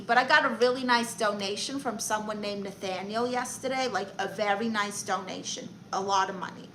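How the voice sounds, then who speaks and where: A woman's voice: medium pitch, sharp tone, slight background noise, rough recording. A woman with a Brooklyn New York accent, hosting a comedy live stream in character, chatty and brash as she greets viewers and reads the chat aloud. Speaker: livestream comedy host.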